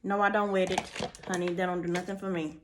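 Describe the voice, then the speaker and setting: A young woman telling a storytime tale to her viewers in a sassy, animated way, chatting through asides while she does her makeup. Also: fairly low pitch, quick pace, noisy background. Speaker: storytime vlogger. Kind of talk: casual storytime chat.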